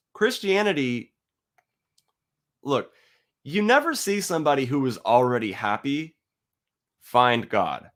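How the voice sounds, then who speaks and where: A man's voice: medium pitch, a bit bright. Blunt, profane man ranting. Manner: reads a passage aloud slowly. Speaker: atheist video host. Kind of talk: ranting monologue to camera.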